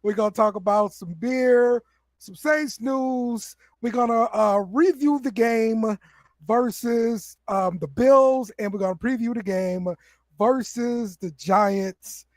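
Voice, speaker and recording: A man's voice: extremely high pitch, slow pace, dry recording. A man hosting a casual sports podcast in an easygoing way, stumbling and repeating words and calling people bro. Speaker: host.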